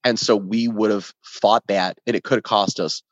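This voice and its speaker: A man with a low voice tells a story in casual podcast talk, animated and salty with his words. The sound is dull and lo-fi with no room echo. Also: moderate pace. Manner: animated, acts out quoted voices, swears freely. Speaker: band member guest.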